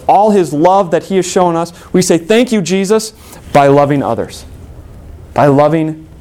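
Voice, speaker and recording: A man preaching a sermon, earnest, with emphatic rises in pitch and soft, low drops when quoting prayers. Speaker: pastor.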